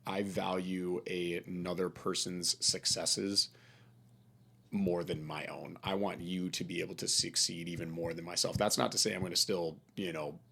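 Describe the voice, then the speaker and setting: A man's voice: deep voice, little pitch movement, moderate pace, creaky, a bit bright, husky. A young man with a Minnesotan accent, co-hosting a podcast in earnest, rambling casual chat. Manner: earnest, rambling, many fillers. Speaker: podcast co-host.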